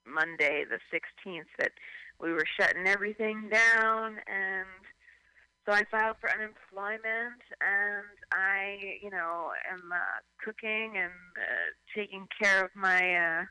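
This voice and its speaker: A man talking in a loose, rambling radio chat, his voice sharp and very bright. He gets animated, piles up "like" and restarts his sentences, and the sound is close and dry. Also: high voice, a little slow, clean tone, no room sound, low-quality recording. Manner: animated, rambling, heavy use of "like". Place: at home in San Francisco.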